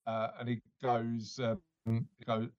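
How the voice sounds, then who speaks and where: A man's voice: medium pitch, completely flat delivery, takes it slowly, a little mellow, dry recording. A man hosting a podcast in a casual, jokey way, rambling with fillers as he tells a pub joke. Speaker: podcast host. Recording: slightly dull lo-fi sound.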